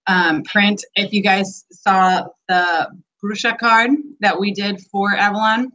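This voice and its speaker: A woman's voice: mid-range voice, fairly even intonation, slow pace, bright, forceful tone, poor audio. A woman co-hosting a casual podcast chat, talking enthusiastically with frequent ums. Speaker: podcast co-host.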